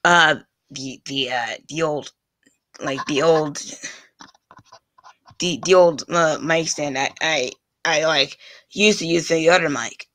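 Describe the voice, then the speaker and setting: A male vlogger with a slightly high voice and sharp tone talks casually to his YouTube viewers, recorded dry on a desk mic with a pop filter. His rambling is halting, with constant restarts and phrases repeated over and over before he completes a thought.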